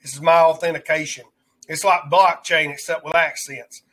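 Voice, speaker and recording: Alabama redneck twang guy on a livestream, kinda high bright voice, rambles and shouts out the chat. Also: fairly even intonation, normal speed. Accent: Alabama Southern rural twang. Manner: rambling, greets viewers in chat, joking asides. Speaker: livestream host. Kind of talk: casual live-stream chat.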